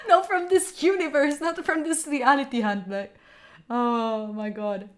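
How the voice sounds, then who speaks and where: This young Italian woman, a study streamer from Italy, speaks slowly in a high, slightly bright voice with an Italian accent. In her young adult years, she chats casually with her stream chat, laughs a lot, and answers what viewers ask.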